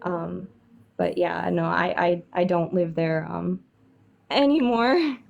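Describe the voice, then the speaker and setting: A woman's voice: fairly low pitch, slow pace, gravelly, narrow, tinny audio. A young woman calling in to a live stream to share a paranormal story, sounding nervous and hesitant, with many fillers and restarts. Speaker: caller sharing a paranormal story.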